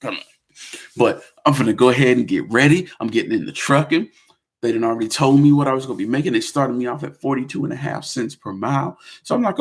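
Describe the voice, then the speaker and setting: A man talking casually on his vlog, telling a story with lively slang. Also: mid-range voice, vocal fry, husky. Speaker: vlogger.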